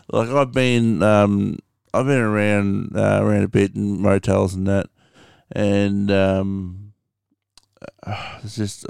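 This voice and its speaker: An Australian man rambling casually in a home vlog, slow and full of ums, swearing freely. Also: on the low side, a little mellow, clear, resonant tone, dry recording, clean studio sound. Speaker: vlogger. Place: room at home with window open.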